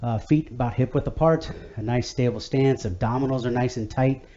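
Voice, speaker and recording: A man's voice: mid-range voice, fairly quick, mellow, highs cut off, a little hiss or hum. A man leading a home workout class, talking in an easygoing, chatty way with many fillers and restarts. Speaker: fitness instructor. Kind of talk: guided workout instruction.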